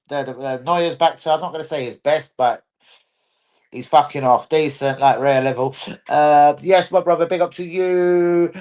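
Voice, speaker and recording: Brief: man hosting a livestream, rowdy and foul-mouthed, mumbling one moment and bellowing the next. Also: on the high side. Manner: rowdy, profane, swings from mumbling to shouting. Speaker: livestream host. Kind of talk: livestream fan chat. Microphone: computer mic on a livestream.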